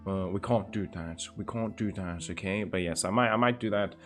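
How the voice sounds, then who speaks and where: A man's voice: on the low side, moderate pace, soft background music. A young man streaming live, chatting casually and teasingly with his viewers and swearing freely. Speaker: livestreamer.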